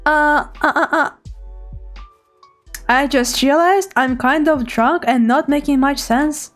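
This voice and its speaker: Woman, VTuber streamer, very high voice, bubbly, giggly, playful teasing, casual chat, faint music behind. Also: takes it slowly, long pauses.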